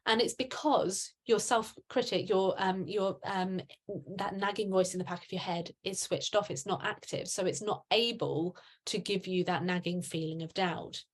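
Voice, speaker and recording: A middle-aged woman presenting a webinar, explaining in a chatty way with fillers and restarts. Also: lowish voice. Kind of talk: webinar talk.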